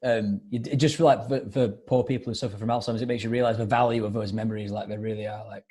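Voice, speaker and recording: A man's voice: on the low side, fairly even intonation, darkish tone. A man chatting casually as a guest musician, rambling with many fillers. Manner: rapid, rambling, lots of "like" fillers. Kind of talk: casual video-call chat.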